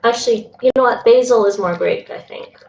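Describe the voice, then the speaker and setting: A woman's voice: fairly high pitch, brisk, distant mic. A young woman chatting casually while cooking on a live stream, thinking aloud and laughing often. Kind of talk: casual cooking chat with chat readers. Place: home kitchen. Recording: roomy, dull stream mic with fan noise.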